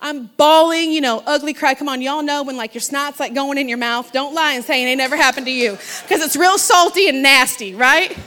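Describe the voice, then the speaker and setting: A middle-aged woman delivers a sermon in a high, bright voice. She preaches with passion and keeps it conversational, often calling out to the congregation. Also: a little fast. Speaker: pastor's wife preaching.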